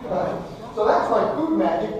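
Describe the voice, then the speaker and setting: Animated stage magician heard from afar. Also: medium pitch, normal speed, far from the mic, dull audio, noisy background. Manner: animated storytelling, mock panic. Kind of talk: comic stage patter with audience volunteers. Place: live show hall. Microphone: camera mic from the audience. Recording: echoey hall from afar, music behind.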